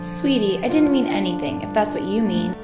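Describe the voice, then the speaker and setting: An actress playing a teasing, sarcastic young dancer in a film clip with room echo and music behind. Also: female voice, mid-range voice, animated, a little fast, close to an everyday voice. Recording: roomy film audio with music.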